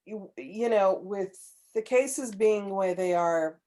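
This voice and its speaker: A woman gives casual announcements to her group over a video call. Her pitch is ordinary, and she talks in a chatty, halting way, filling the gaps with ums. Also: mellow. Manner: chatty, hesitant, lots of ums. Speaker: meeting organizer.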